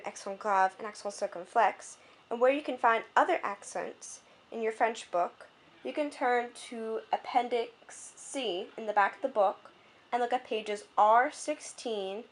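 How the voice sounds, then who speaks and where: Young woman tutoring French on camera. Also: on the high side. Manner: explains clearly, pauses to adjust the camera. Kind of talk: homemade video lesson.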